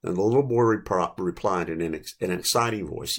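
Older male preacher, gravelly and low-pitched, gentle reflective storyteller, sermon delivery. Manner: gentle, reflective storytelling with pauses and small restarts.

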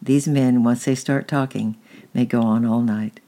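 A man reading aloud, voicing a gentle, kind mother in a storybook with a soft, slightly raised voice. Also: mid-range voice, fairly even intonation, measured pace, natural voice. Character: gentle kind mother, woman, middle-aged.

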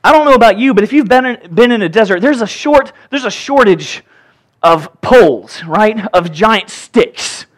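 Lively high-voiced male pastor preaching. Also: normal speed. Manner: lively, joking, acts out voices while reading scripture. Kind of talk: sermon.

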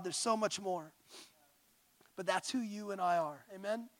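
High-voiced man preaching with passion. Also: unhurried, pauses often, no room sound. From California, USA. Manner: passionate, swings from quiet intimate tones to loud exhortation. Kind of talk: sermon.

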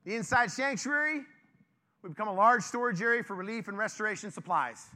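A male pastor giving an informal, lively sermon and joking with his congregation. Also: high-pitched, brisk.

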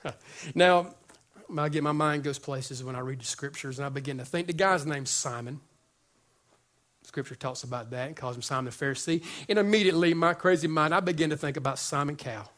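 A male pastor with a high voice delivers a conversational sermon. He jokes with the room and repeats words as he builds to his points. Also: brisk. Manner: conversational, joking, repeats words when excited.

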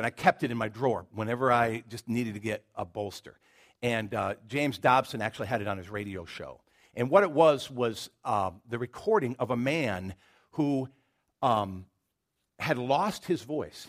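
A middle-aged man preaching a sermon as pastor, telling stories in an animated way and repeating words as he builds his point. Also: medium pitch.

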